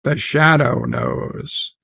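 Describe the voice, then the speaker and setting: A man quoting a menacing cryptic female villain in a slow, hushed, drawn-out taunting voice. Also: low voice, fairly even intonation, vocal fry, husky, no echo, studio quality, voice pushed down, exaggerated voice.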